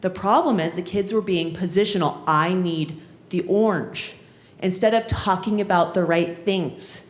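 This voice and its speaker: A woman leading a workshop on conflict, talking in a relaxed, conversational way and often checking in with "right?". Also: on the low side, a little slow. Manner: conversational, often adds "right?" and acts out quoted voices. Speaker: conflict trainer. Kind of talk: workshop lecture with storytelling. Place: municipal training session room. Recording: echoey room.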